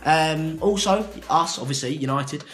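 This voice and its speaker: Joking football presenter. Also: male voice, fairly high pitch, a little slow, a bit bright. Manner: joking, rambling. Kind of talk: casual self-recorded prediction.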